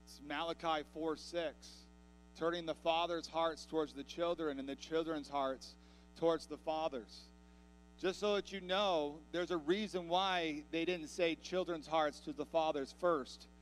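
A man preaching a sermon, telling a story with rising passion and growing loudness. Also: on the high side, steady tone, a little slow. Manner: impassioned storytelling, building in volume. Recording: reverberant hall with mains hum.

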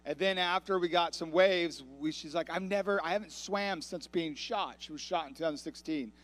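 A man preaching a sermon, telling a story with rising passion and growing loudness. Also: a little high, normal speed. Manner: impassioned storytelling, building in volume. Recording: reverberant hall with mains hum.

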